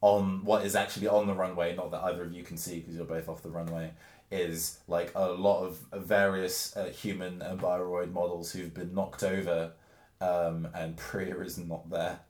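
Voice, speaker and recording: A man narrating as game master of a tabletop role-playing game, rambling and relaxed with many fillers. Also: low voice, normal speed, roomy sound.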